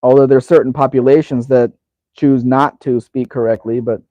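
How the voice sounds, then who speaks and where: A man's voice: medium pitch, steady tone, normal speed, dark tone, no echo, muffled recording. A man from California, older, hosting a live Q&A, reading viewer comments and answering in a casual, rambling way with lots of restarts. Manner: casual and rambling, with frequent restarts and repeated words. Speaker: channel host answering viewer questions.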